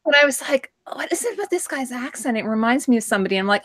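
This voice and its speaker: A chatty middle-aged woman hosting a live show, with a fairly high voice. She tells stories with plenty of laughter and reads out the viewers' comments. The sound is close and dry. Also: expressive, fast, a bit bright, dry recording. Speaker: host. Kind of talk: casual chat on a live stream.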